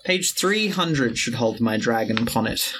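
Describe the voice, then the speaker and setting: A man running a tabletop role-playing game as game master, describing scenes in a relaxed storytelling manner. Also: medium pitch, measured pace, a little hiss or hum. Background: background music.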